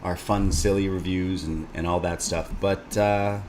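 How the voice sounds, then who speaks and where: Excitable, joking man, podcast co-host, rambling wrestling banter. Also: deep voice, measured pace, slight background noise.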